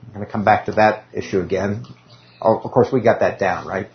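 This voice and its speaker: A man's voice: fairly low pitch, fairly even intonation, brisk. A man teaching an informal Bible class in a meeting room, talking casually and reading scripture aloud with self-deprecating asides. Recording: dull lo-fi recording.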